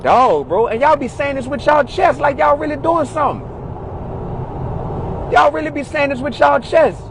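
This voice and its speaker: A fed-up man rants in a high voice that leaps up and down, preaching and repeating himself. Faint noise sits behind him, and his delivery swings between loud outbursts and muttering. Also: poor audio. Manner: exasperated, preachy, repetitive. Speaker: commentator in a played clip. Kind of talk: ranting monologue.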